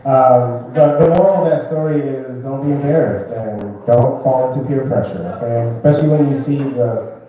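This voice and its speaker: A man's voice: medium pitch, moderate pace. A man doing a stand-up set, telling a story with lots of ums and a self-mocking manner. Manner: hesitant, self-deprecating storytelling with many ums. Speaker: stand-up comic. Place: comedy club stage. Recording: echoey room, distant mic, dull sound.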